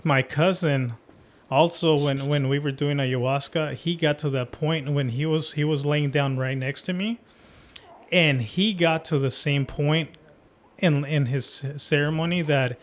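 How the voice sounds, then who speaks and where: An easygoing man hosts a casual podcast chat. He tosses in quick acknowledgements and trades stories of his own in a relaxed, conversational way. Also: on the high side. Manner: easygoing, lots of short acknowledgements. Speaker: podcast host.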